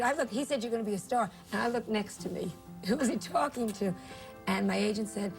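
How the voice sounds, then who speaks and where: A woman comedian telling an emotional career story in an interview, animated and tearful at moments. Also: medium pitch, brisk, faint music behind.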